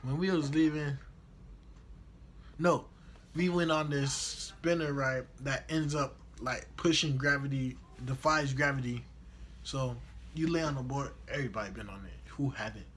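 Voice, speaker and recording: Animated young man telling a slangy story. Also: mid-range voice, measured pace, a little hiss or hum. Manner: slangy, animated retelling with acted-out quotes. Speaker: vlogger. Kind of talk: casual storytelling.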